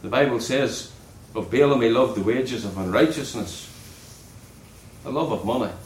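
A man preaching a sermon in an earnest way, dropping low and soft on key words. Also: normal speed, echoey room, a little hiss or hum, low-quality recording.

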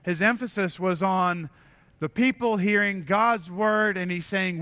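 A man's voice: high-pitched, measured pace, pushed and bright. A man preaching a sermon to a church congregation, earnest and conversational, often restarting his phrases. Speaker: pastor. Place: church sanctuary.

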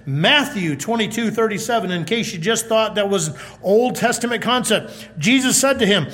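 High-voiced man preaching in a reverberant hall. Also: fairly quick. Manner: conversational, animated, reads scripture aloud. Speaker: pastor. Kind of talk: sermon.

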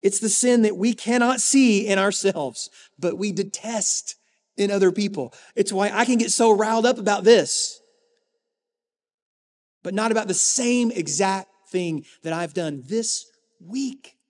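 A male pastor delivering a sermon in an earnest, emphatic way, leaning on rhetorical stresses and pauses. His voice sits fairly high, and it rings out with the long reverb of a church sanctuary. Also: a little mellow.

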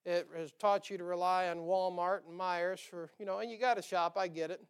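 A man preaches in a church, his voice pitched high and ringing clear. He is folksy and joking, and he keeps checking in with the congregation by asking "amen?". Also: fairly even intonation, brisk. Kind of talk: sermon. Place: church sanctuary.

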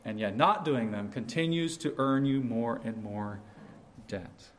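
A man preaching a sermon in a slow, earnest way, rising sharply on his questions. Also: mid-range voice, expressive.

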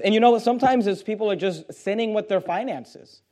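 Male pastor, high-pitched, emphatic sermon delivery with rhetorical questions. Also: fairly quick, dark tone. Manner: emphatic preaching, reading scripture aloud in King James wording; rhetorical questions, frequent restarts.

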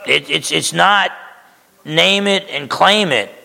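Gravelly man preaching in a hall. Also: a little high, slow pace, sharp tone. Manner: conversational, emphatic preaching with frequent "okay?". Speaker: pastor. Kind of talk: sermon.

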